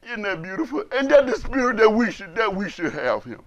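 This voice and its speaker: A man's voice: high-pitched, big pitch swings, brisk. A man, an imam, giving an emotional, impassioned sermon and repeating phrases for emphasis.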